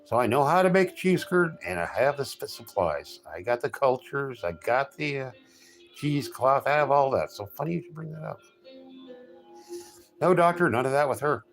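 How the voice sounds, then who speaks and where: A middle-aged male streamer chats casually with his viewers in a mid-range, lively voice at a normal pace, with soft music in the background. He rambles through jokey stories, frequently restarting and correcting himself.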